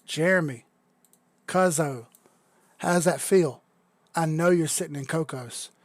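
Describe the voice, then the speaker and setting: A young adult man hosting a casual crypto livestream, chatty and excitable, swearing freely as he talks viewers through charts. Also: fairly high pitch, a little slow, no echo.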